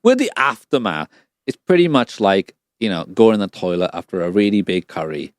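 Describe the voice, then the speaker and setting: A man's voice: on the low side, big pitch swings, a little fast, dry recording, studio quality. A man co-hosting a podcast, swearing and mocking as he reacts to a documentary in casual chat. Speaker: podcast co-host.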